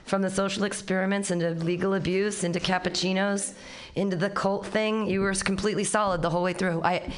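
A woman's voice: mid-range voice, steady tone, brisk. A woman hosting a comedy open mic, loose and enthusiastic, swearing casually as she praises sets and brings on acts. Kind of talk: emceeing a comedy night.

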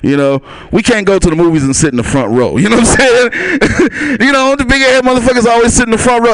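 A man's voice: very high-pitched, animated, quick pace, a bit bright, no echo. A man doing a loose stand-up set at a small club, laughing at his own lines and talking straight to the crowd. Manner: loose, chuckling, talks to the crowd. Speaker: stand-up comic. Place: small comedy club stage.

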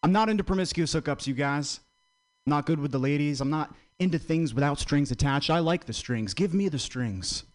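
A man's voice: on the high side, fairly quick. A man doing stand-up one-liners with a bouncy delivery. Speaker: stand-up comedian.

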